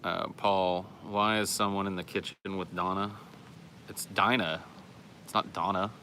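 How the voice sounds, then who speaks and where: A man hosts a podcast in offhand, sarcastic casual chat, reading out listener comments and swearing freely. His voice sits on the low side but comes across bright and forceful. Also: fairly even intonation, measured pace, a little hiss or hum.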